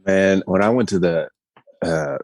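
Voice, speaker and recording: A man co-hosting a podcast while sick and congested, making dry, deadpan asides. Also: sits low, measured pace, creaky, no room sound. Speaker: podcast co-host. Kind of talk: casual comedic chat.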